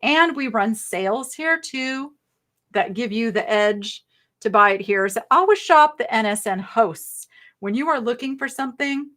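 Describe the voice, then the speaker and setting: Middle-aged woman host, slightly high voice, chatty and rambling, live-sale patter. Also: animated, a little slow, a bit bright. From American South. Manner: chatty, rambling, thinks aloud. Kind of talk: casual live selling chat.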